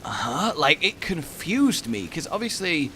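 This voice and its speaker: A man in his twenties, chatting over gameplay and telling a funny story with excitable outbursts. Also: mid-range voice, moderate pace, a little hiss or hum. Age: 20s. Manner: excitable anecdote-telling, bursts into loud exclamations. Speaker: gaming YouTuber.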